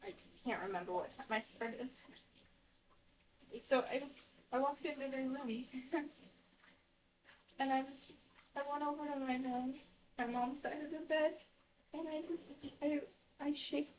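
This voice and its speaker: A woman with a high voice rambles through a personal story, stopping and restarting her sentences and leaning on fillers. She talks while washing dishes in a home kitchen. The mic sits a good way from her, so she sounds distant. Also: a little slow, pauses often. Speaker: vlogger.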